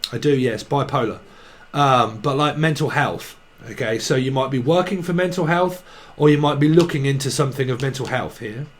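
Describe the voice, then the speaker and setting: A man's voice: mid-range voice, normal speed. A man giving a loose, free-associating tarot reading, riffing on words and laughing at himself. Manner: free-associating wordplay, giggly asides. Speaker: tarot reader. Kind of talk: rambling tarot channelling monologue.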